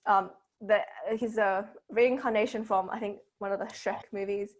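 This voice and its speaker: A woman's voice: mid-range voice, steady tone, normal speed. A woman tutor with an Australian accent, casually retelling a fairy tale in a seminar, with lots of fillers and rhetorical "right?" tags.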